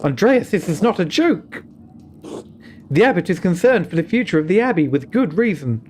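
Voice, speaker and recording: A British man voicing a stern, grave middle-aged nun who speaks in a solemn, measured warning tone. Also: sits high, very animated, darkish tone, slight background noise, voice pushed up.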